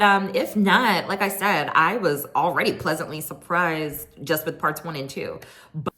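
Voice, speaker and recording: A woman recapping a reality TV reunion in a chatty, sassy way, quoting people in animated voices. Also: lowish voice, unhurried. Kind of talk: casual chat recap.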